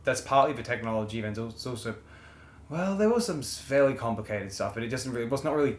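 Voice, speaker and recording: A man co-hosting a casual music review chat, halting and searching for words with many fillers. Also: mid-range voice, animated. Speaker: podcast co-host. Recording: roomy sound with faint ambient noise.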